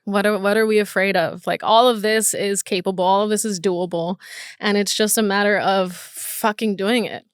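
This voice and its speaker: A woman's voice: medium pitch, fairly even intonation, normal speed, clear, resonant tone, no room sound, clean studio sound. Candid, nervous young woman hosting a podcast. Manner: candid, nervous and emotional, swears freely. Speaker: podcast host. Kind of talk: casual solo podcast monologue.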